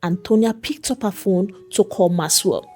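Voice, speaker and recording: A woman narrating a folk tale with lively storytelling. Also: medium pitch, normal speed, faint music behind. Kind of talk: scripted narration.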